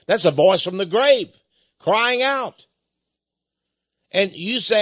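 Man, high husky voice, emphatic dramatic lecturer who repeats himself, dull dry lo-fi tape. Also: big pitch swings, a little slow, a bit bright, dry recording. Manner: emphatic, repeats words, lingers on key phrases. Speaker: lecturer on religion.

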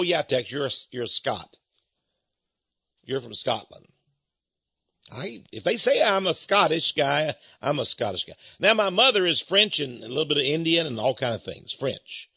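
A man's voice: fairly high pitch, bright, forceful tone, slightly rough, no echo, lo-fi sound. A middle-aged man hosting a rambling talk-radio monologue in a folksy, confiding way, chuckling between points.

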